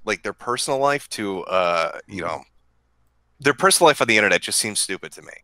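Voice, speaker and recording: Guy hosting a stream, kinda low bright voice, crude deadpan jokes, buzzy mic. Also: brisk, dry recording, poor audio. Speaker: stream host. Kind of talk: casual livestream chat. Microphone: desk mic with mechanical buzz.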